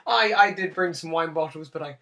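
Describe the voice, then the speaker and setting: A man hosts a relaxed conversation with a bright, crisp voice. He teases his guest in a playful way and laughs easily, with frequent jokes. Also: fairly high pitch, fairly quick. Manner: jokey, teasing, laughs often. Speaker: podcast host. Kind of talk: casual chat.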